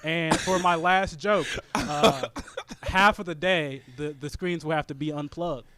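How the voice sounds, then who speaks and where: A man's voice: on the high side, measured pace, heavy background noise. A male comedian guest riffing absurdly in casual comedic banter, laughing at his own jokes.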